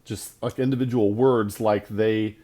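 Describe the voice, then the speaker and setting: A man's voice: on the low side, steady tone, measured pace, mellow. A man teaching a Bible lesson on video in an emphatic, conversational way, often repeating his points for stress.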